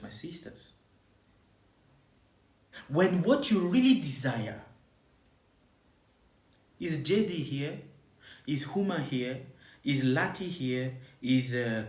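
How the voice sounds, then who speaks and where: Medium in pitch and roomy in sound, this is a spiritual teacher at a live teaching. Points come around again and again, as does the rhetorical question of whether the listeners understand, delivered as repetitive, emphatic preaching.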